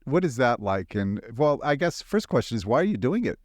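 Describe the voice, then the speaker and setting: A man's voice: mid-range voice, very animated, brisk, no echo, clean studio sound. Lawyerly man hosting an interview. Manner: lawyerly, long clarifying questions. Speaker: podcast host, lawyer. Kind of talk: podcast interview.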